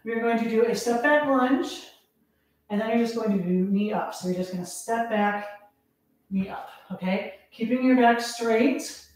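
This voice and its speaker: A woman's voice: a little high, normal speed, darkish tone, slight background noise. A woman fitness instructor leading a live workout, counting reps aloud, out of breath and laughing at herself. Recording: echoey room, voice from a distance.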